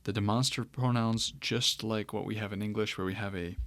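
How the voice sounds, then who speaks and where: Low, gravelly male teacher. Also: brisk, dry recording. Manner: relaxed, thinking aloud with fillers and restarts. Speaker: Greek teacher. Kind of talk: lecture.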